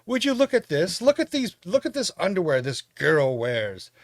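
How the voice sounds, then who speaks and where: A man's voice: sits high, huge pitch swings, moderate pace, no echo, pitched above the performer's own voice, heavily acted. A man imitating a gleeful, mocking young woman while retelling a film scene on a podcast.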